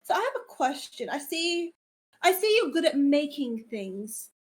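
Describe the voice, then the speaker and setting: A woman playing a courteous male elf rogue with a measured, well-mannered way of speaking. The voice sits a little high, close to the performer's own, in a tabletop game. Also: sing-song. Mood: polite. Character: young male elf rogue, polite and businesslike.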